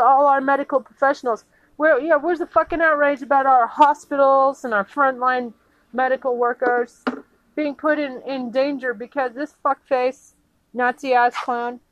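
A woman from the United States in an angry, profane political rant, indignant and halting, with many restarts. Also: sits high, fairly bright tone, dry recording, dull audio.

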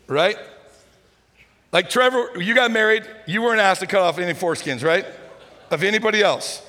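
A man preaching a sermon, retelling a story with lively humor and acting out its characters. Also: high-pitched, normal speed. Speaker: pastor. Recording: hall reverb.

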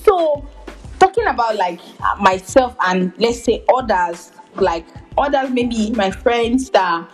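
Slow-talking giggly young woman podcaster. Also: fairly high pitch, animated, faint music behind, low-quality recording. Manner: giggly, heavy use of filler words, many restarts. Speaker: podcast host. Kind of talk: casual podcast chat.

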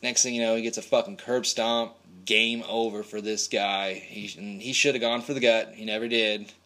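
A man's voice: on the low side, fairly even intonation, moderate pace, bright, forceful tone. A man casually recapping a movie in a rambling, profane, laid-back way.

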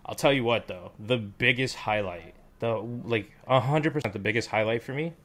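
A man's voice: medium pitch, moderate pace, a bit bright. A man chatting casually with friends, rambling with lots of fillers and restarts. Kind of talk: casual chat.

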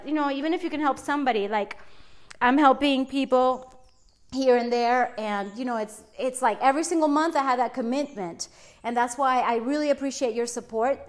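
A woman hosting her own podcast, talking alone in an upbeat, motivational and emphatic way. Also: high voice. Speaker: podcast host. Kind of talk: solo podcast monologue.

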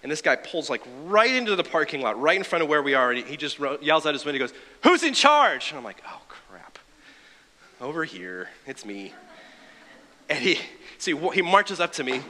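A man's voice: fairly high pitch, lively intonation, fast talker, bright, forceful tone, slight background noise. A man preaching a sermon in a conversational way, with wry asides. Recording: long reverb of a large hall.

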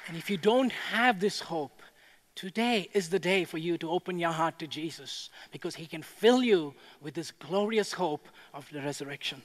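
A man preaching a sermon as a pastor, with a measured delivery that builds to impassioned proclamation. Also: fairly high pitch. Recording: echoey hall with long reverb.

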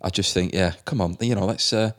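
A man hosting a podcast, laid-back and quick to laugh. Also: sits low, dry recording, studio quality. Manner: laid-back, laughs often, says mate. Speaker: podcast host. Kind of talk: casual podcast chat.

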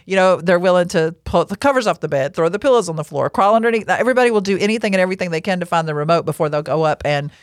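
A middle-aged woman giving a conversational Bible talk on prayer, chatty and animated, telling funny personal stories between readings. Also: on the low side, racing, few pauses, dry recording, studio quality. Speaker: podcast Bible teacher.

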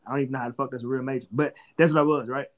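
A man, a stand-up comedian telling stories as a podcast guest in an animated, profane way. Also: mid-range voice, racing, muffled recording. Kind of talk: casual storytelling chat.

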